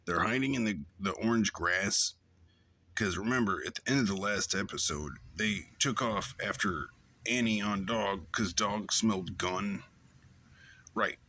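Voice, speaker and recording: A man's voice: lowish voice, unhurried, pushed and bright. A man hosting his show, giving a loose, rambling recap of a TV episode with plenty of fillers. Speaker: show host.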